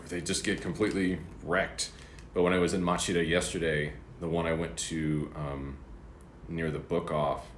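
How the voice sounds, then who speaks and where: Very deep-voiced man chatting over breakfast. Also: slight background noise. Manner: rambling, chatty, eating between words. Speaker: livestreamer. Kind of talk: casual chat. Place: apartment room. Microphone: streaming setup. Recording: roomy apartment echo.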